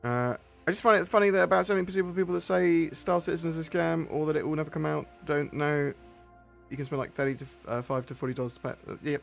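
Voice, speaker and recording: A man's voice: a little high, fast talker, creaky, faint music behind. A man answering viewer questions on a live stream in a rambling, candid way, with some mild swearing.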